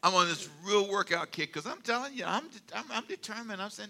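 An older man delivers a sermon with a high, bright voice that cuts through. He is animated and humorous, telling stories and dropping suddenly to quiet asides. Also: a little fast, vocal fry. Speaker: pastor.

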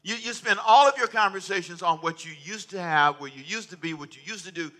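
Male pastor, sermon, very bright tense voice, slightly high, chatty and joking. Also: a little fast. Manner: conversational, repetitive, humorous asides.

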